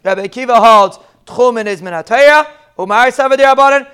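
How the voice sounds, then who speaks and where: A man's voice: very high voice, fast talker, pushed and bright, clean tone. A man giving a daily Talmud lesson, explaining step by step and repeating key lines. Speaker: Talmud teacher.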